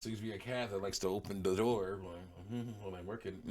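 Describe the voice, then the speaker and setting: A man's voice: lowish voice, fairly even intonation, fairly quick, darkish tone. A man reading comments aloud and answering them in blunt, dismissive retorts, chuckling often between remarks. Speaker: online commentator.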